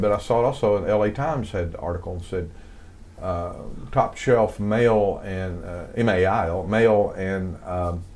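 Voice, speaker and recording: A man's voice: low voice, darkish tone. An older man with a Southern accent, rambling through stories as an interview guest with many fillers. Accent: American Southern. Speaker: guest, music composer. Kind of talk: casual interview storytelling.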